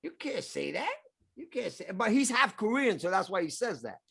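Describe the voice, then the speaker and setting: Brief: brash male comic co-host, high gravelly husky voice, blunt and combative. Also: sing-song, normal speed, fairly bright tone. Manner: blunt, brash and argumentative, stumbles over repeated words. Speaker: comedian co-host. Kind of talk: loud comedic banter.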